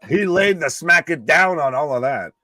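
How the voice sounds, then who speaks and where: A man's voice: fairly high pitch, animated, moderate pace, pushed and bright, no echo, clean studio sound. A man co-hosting a wrestling live stream in casual chat, sarcastic and joking.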